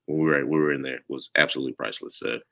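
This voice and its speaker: This podcast guest, a former player, has a bass voice that's steady, creaky and a bit bright, and he talks very fast. With his Southern country accent, he rambles easily through a casual chat, dropping "you know" constantly.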